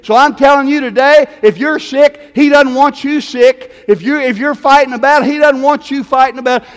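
A man preaching a sermon as pastor, repeating himself and swinging from loud calls to hushed asides. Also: very high-pitched. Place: church sanctuary. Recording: long reverb of a large hall.

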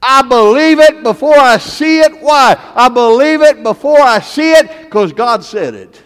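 Pastor, male, high voice, sermon delivery, repetitive and swinging between loud and hushed, long hall reverb. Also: animated, unhurried, smooth. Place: church sanctuary.

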